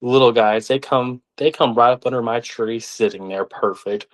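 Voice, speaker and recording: Guy, young, telling stories all animated, mid pitch, acts out other people's voices. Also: moderate pace. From Arkansas, United States. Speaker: guest. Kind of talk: casual storytelling.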